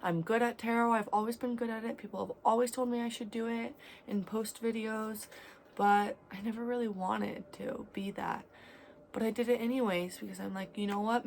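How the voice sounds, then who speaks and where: A woman in her twenties talking in a candid, rambling vlog about her life, swinging between loud and quiet. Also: medium pitch, creaky, a little hiss or hum. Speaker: vlogger. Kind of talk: casual confessional vlog.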